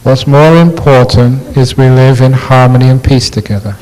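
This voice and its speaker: Speaking at medium pitch, a monk delivers a dharma talk to a university lecture hall. His storytelling is unhurried and lightly humorous.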